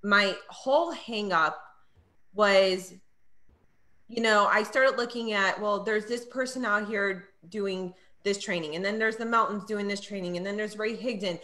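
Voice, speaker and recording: A woman's voice: medium pitch, measured pace, sharp tone. A middle-aged woman chatting as an interview guest, telling stories and acting out her own past lines. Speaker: guest, network marketing trainer. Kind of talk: casual interview chat.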